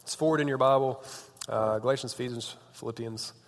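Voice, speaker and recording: This youth pastor, a man in his thirties, speaks at medium pitch with a steady tone and a brisk pace. His sermon is casual and full of jokes, and he often cuts himself off mid-sentence. A large hall's long reverb surrounds his voice.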